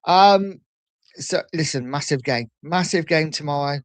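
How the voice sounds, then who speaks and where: A man's voice: a little high, measured pace, dry recording. Chatty man on a livestream. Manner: relaxed and chatty, lots of fillers and repeats. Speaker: livestream host. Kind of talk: casual live-stream chat reading comments.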